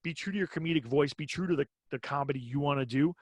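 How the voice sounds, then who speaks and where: A man's voice: fairly high pitch, quick pace. A man co-hosting a comedy podcast, talking casually and with strong opinions, often acting out quoted exchanges.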